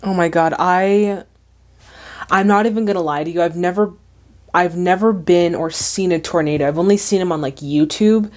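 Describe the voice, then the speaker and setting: A woman's voice: lowish voice, moderate pace. Chatty woman reacting to a movie. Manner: animated, exclaiming, chatty.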